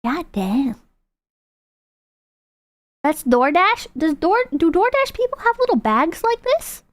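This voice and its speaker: Female streamer, high and animated, rambling profane reaction chat. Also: slow pace, no echo. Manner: rambling, profane, laughs often.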